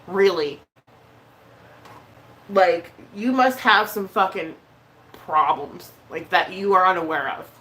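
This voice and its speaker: A woman vlogger chatting casually on a live stream, blunt and heated, swearing often and pausing on fillers. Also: mid-range voice, a bit bright. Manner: emotional, hesitant with many fillers.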